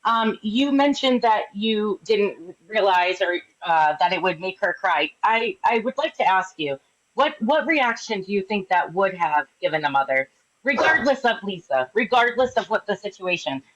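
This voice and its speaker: A woman's voice: mid-range voice, expressive, moderate pace. A woman in a casual live group chat, asking skeptical, probing questions. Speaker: live stream participant. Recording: dull lo-fi sound.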